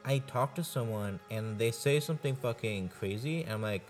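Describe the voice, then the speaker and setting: A man's voice: medium pitch, animated, normal speed, soft background music. A man co-hosting a podcast, chatting casually and rambling, with lots of filler words and swearing. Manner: rambling, swears often, heavy use of "like". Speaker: podcast co-host. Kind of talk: casual chat.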